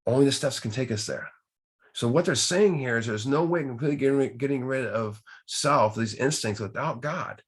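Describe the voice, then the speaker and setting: A man with a medium-pitched, brisk, slightly breathy voice leads a recovery group study. He teaches earnestly from the text, posing rhetorical questions and repeating key words.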